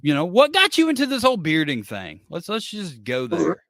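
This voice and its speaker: Lively, high-voiced male podcast host. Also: moderate pace, no room sound, studio quality. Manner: rambling, stop-start, joking. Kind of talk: casual podcast chat.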